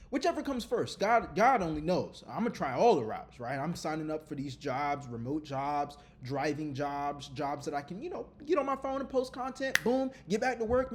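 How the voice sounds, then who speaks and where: Earnest man talking openly to camera. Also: a little high. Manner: earnest, open and lively, repeating phrases. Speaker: content creator. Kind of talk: candid vlog talk.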